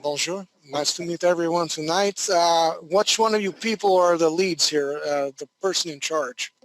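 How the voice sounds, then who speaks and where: A man doing a pompous French-Canadian executive in a bad, hammy French accent. The voice sits fairly high for a man. It is heard over an online voice call. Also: steady tone, moderate pace, fairly bright tone, poor audio.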